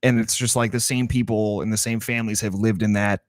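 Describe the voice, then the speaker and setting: Young man, low voice, rambling, swearing, casual podcast guest, dry close sound. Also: steady tone, brisk, no room sound. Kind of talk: casual chat.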